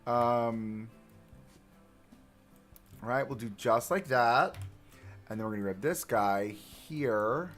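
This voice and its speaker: A man's voice: mid-range voice, slow, long pauses, a bit bright, soft background music. A man chatting casually to his live chat while he builds in a game, joking at his own expense. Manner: chatty, self-mocking, talks to chat. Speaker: livestreamer. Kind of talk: casual game livestream commentary.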